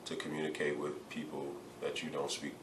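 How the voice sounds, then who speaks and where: Deep-voiced retired athlete, earnest. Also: male voice, flat delivery, fairly quick, far from the mic. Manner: earnest, repeats words when searching for them. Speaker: guest, retired basketball player. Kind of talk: casual interview talk. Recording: roomy, from off the mic, faint noise.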